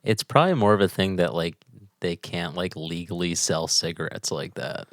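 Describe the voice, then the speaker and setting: A man's voice: low voice, moderate pace, no echo, clean studio sound. A young man co-hosting a podcast, laid-back, answering with short agreeing replies and laughs. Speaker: podcast co-host. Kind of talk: casual chat.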